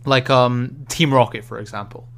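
A man's voice: medium pitch, normal speed, gravelly. A young man co-hosting a gaming podcast, chatting casually and telling stories with animation and frequent laughs. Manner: animated storytelling, laughs often. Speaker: podcast co-host. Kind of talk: casual chat.

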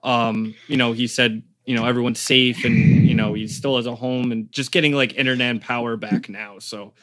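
A man's voice: medium pitch, steady tone, normal speed, fairly bright tone. A young man from Connecticut chatting casually as a podcast guest, rambling with lots of fillers. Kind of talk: casual chat.

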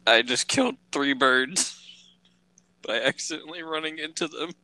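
A man's voice: fairly high pitch, normal speed, pushed and bright, a little hiss or hum. A young American man from Delaware co-hosting a casual podcast while gaming, swearing and joking with a laugh never far off. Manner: profane, joking, laughs often. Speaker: podcast co-host.

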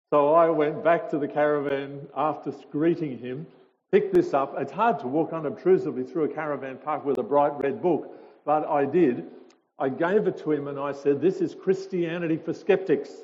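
Dull, lo-fi audio with a long hall reverb captures a man visiting a church hall to tell stories to the congregation. His slightly high, somewhat mellow voice is chatty and informal, broken by hesitations.

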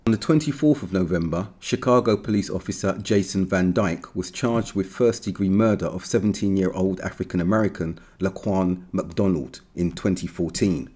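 A man reading an opinion article aloud in an earnest, measured, emphatic way, with occasional slips. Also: deep voice, darkish tone, husky.

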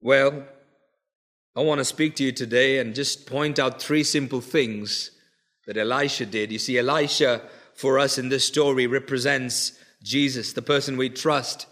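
Bright-voiced man preaching a sermon. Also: fairly even intonation, measured pace. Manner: swings from loud urgent pleading to hushed low intensity; repetitive rhetorical preaching.

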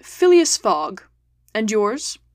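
Woman reading English gentleman, storybook, calm, formal, clipped, dry close sound. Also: medium pitch, slow, no room sound. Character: cool, reserved English gentleman traveller.

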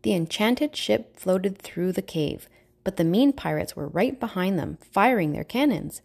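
A woman narrating a children's storybook aloud with clear, expressive reading. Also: mid-range voice, unhurried.

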